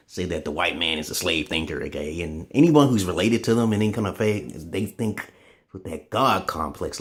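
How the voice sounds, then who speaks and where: A man in a casual, profane ranting monologue to camera, swinging between loud outbursts and low muttering. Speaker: vlogger.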